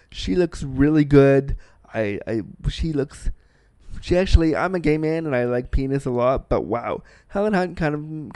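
A man's voice: fairly high pitch, mellow, clean tone, dry recording. Blunt, profane man chatting about a film. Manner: blunt, profane, self-deprecating storyteller. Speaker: film reviewer. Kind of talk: candid casual film review.

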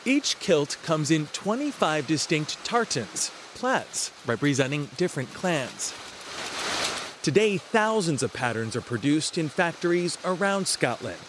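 A man narrating a news feature in a measured scripted voice-over. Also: on the high side, big pitch swings, noisy background. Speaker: news reporter.

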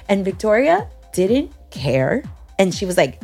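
A woman in her thirties co-hosts a relaxed podcast chat. She talks with a gravelly rasp in her voice and a chatty, storytelling manner, laughing easily and acting out the people she quotes. A little music plays softly underneath. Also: medium pitch, moderate pace. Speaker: podcast co-host. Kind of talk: casual chat.

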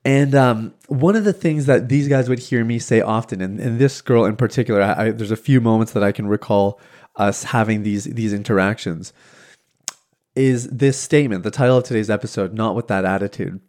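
A man hosting a podcast, telling a casual story with lively delivery, many restarts and filler words, acting out other people's lines and laughing easily. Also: on the low side, fairly quick. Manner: animated, acts out quoted voices, laughs easily. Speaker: podcast host.

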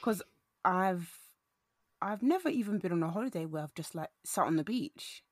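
A young woman talks in an easy, animated way. She acts out little quotes as she goes and tells her stories with humour. The sound is close and dry, with no room echo. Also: lowish voice, normal speed. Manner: animated, laughing storyteller who acts out quotes. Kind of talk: casual chat.

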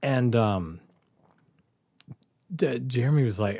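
A man's voice: lowish voice, moderate pace, pauses often, dark tone, husky, no room sound, studio quality. A man telling a story in casual chat, laughing often and swearing freely. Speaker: podcast host telling a story.

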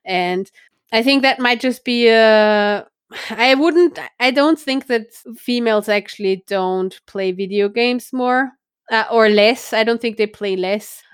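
Woman podcast host chatting casually, smooth crisp voice, dry close sound, blunt and swears a bit. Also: fairly high pitch, takes it slowly, dry recording. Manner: thinks aloud with many restarts and "right?". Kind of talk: casual chat.

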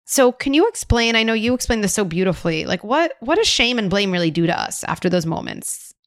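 A woman hosting a podcast who speaks thoughtfully and explains ideas clearly. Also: mid-range voice, very animated, a little fast, no room sound, clean studio sound. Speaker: podcast host. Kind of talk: conversational interview.

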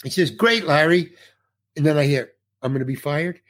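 A man's voice: on the high side, fairly even intonation, fast talker. A middle-aged actor telling a story from a film set in casual conversation, acting out the other people's lines as he goes. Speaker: actor guest. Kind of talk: conversational anecdote.

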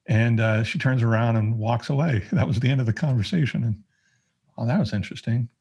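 A man's voice: mid-range voice, fairly quick, darkish tone, husky. A man telling a personal story as a podcast guest, in a conversational way with many fillers and restarts. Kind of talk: casual storytelling.

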